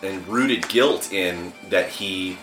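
A man's voice: deep voice, slow, fairly bright tone. A man hosting a podcast, chatting animatedly about video games and films, swearing freely. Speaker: podcast host. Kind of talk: casual gaming chat. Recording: roomy echo with faint music.

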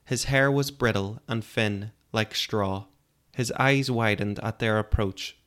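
A man narrating a fantasy story in a calm, measured audiobook style. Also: on the low side.

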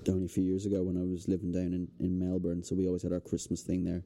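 A young Irish man, a guest on a podcast, telling relaxed stories in casual chat. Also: low voice, rapid-fire. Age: young adult. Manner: relaxed storytelling with fillers. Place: indoors, hotel podcast setting.

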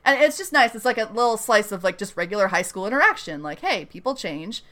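A woman's voice: mid-range voice, sing-song, fast talker, fairly bright tone. A young woman hosting a podcast, chatting casually and animatedly while recapping a TV episode and acting out its scenes. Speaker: podcast host.

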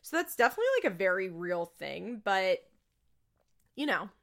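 Gravelly-voiced woman recapping casually. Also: medium pitch, very animated, moderate pace. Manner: laughs often, swears casually, lots of "like". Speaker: reality TV recap vlogger.

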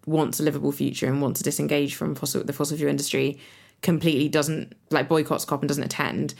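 Low gravelly-voiced woman, chatty. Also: level tone, fast talker, a little mellow. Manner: chatty, lots of "like" and "um", frank and swears. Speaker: podcast co-host and climate activist. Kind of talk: casual chat.

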